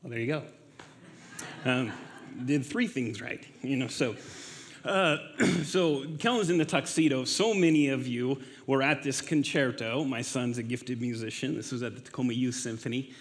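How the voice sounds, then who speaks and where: Halting man telling his story in a hall. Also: medium pitch. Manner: halting, many fillers, laughs at himself. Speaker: guest speaker. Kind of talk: personal testimony talk. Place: church hall. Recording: reverberant hall.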